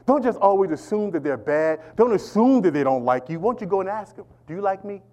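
In a church, a middle-aged male pastor with a high voice preaches a sermon at a brisk pace. He's animated and repetitive, calling out to the congregation.

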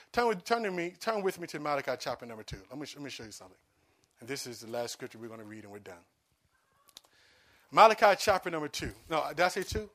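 A man preaching a sermon as pastor, swinging between quiet asides and loud, pleading emphasis. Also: fairly high pitch.

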